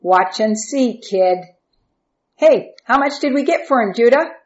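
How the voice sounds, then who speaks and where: A woman voicing a mocking older brother who taunts with slow, sneering words. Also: a little high, expressive, darkish tone, dull audio, voice pushed up.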